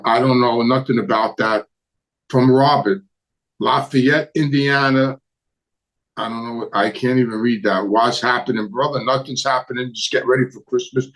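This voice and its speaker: A man's voice: mid-range voice, low-quality recording. A middle-aged man, hosting a casual live stream from his home, telling stories and answering viewer questions in a blunt, rambling way that repeats words. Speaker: host. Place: home with a Christmas tree.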